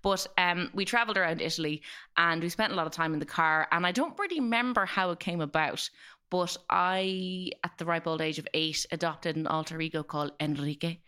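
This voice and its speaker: A woman's voice: on the low side, brisk, sharp tone, clear, resonant tone. An Irish woman from Galway, guesting on a podcast and telling stories in a playful, joking way. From Galway, Ireland. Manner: playful, jokey storyteller. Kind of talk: casual chat. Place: studio.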